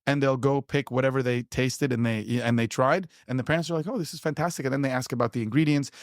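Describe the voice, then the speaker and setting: A pitmaster and producer talks enthusiastically in a casual conversational interview, rambling with plenty of fillers and restarts. His mid-range voice is fast with fairly even intonation, captured in a dry, studio-quality recording.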